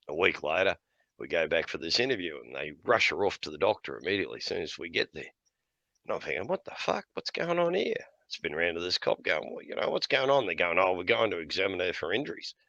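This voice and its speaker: A man's voice: low voice, pushed and bright, no echo, lo-fi sound. A middle-aged man telling blunt, profane stories in casual chat, often laughing between lines. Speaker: podcast host.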